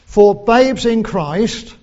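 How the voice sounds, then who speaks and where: A man preaching a sermon, slow and deliberate, quoting scripture in old English. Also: sits high, animated, darkish tone, highs cut off.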